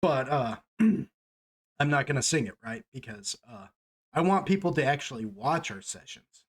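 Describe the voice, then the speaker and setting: A man's voice: mid-range voice, lively intonation, unhurried. Casting: male game master, chatty, rambling narration, laughs often.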